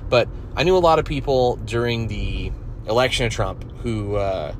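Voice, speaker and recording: A man's voice: medium pitch, moderate pace, slight background noise. Profane rambling man on a podcast. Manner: profane, rambling, crude jokes. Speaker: podcast host. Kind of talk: solo casual podcast rant.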